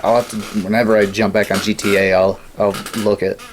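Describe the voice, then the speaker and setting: A man's voice: fairly low pitch, little pitch movement, a little fast, slight background noise. A man in casual studio chat, telling long gaming stories with lots of swearing and laughter. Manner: rambling storyteller, swears often, laughs at his own stories. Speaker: podcast co-host.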